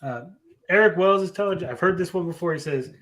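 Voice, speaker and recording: A man's voice: high voice, brisk, fairly bright tone. A young man co-hosting a casual podcast, telling jokes with lots of fillers and restarts. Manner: rambling joke-teller with many fillers. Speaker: podcast co-host and comedian.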